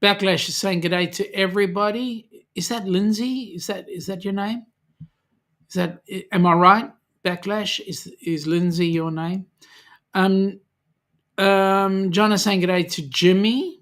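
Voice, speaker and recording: A man's voice: sits high, steady tone, a little slow, fairly bright tone. A man with an Australian accent hosting a casual livestream, reading out viewer comments with lots of ums and friendly teasing. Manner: chatty, hesitant with frequent ums, teasing. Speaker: livestream host.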